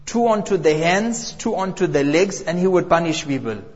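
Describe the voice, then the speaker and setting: A man's voice: sits high, expressive, normal speed. A man delivering a sermon as a story, emphatic, drawing out key words. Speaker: preacher. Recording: reverberant hall, dull lo-fi sound.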